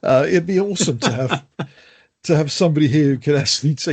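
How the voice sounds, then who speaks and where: A man's voice: on the high side, lively intonation, a little fast, slightly rough. An older man co-hosting a podcast, chatting casually and jokingly, with lots of restarts and laughs. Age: older adult. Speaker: podcast co-host.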